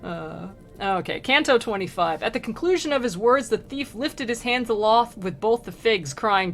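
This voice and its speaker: A woman's voice: on the high side, expressive, moderate pace, few pauses, fairly bright tone. A woman streamer reading an old poem aloud and retelling it in casual slang, laughing often.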